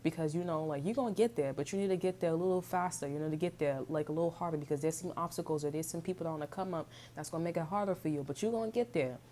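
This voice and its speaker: A woman's voice: sits low, very fast, few pauses, mellow, slight background noise. A woman giving a casual tarot reading, chatty and slangy, swearing freely and humming little tunes between thoughts. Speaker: tarot reader.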